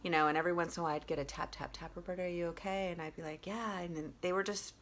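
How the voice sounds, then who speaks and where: A woman vlogger telling a personal story in a casual, animated way, with lots of fillers and free swearing. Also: fairly low pitch, racing.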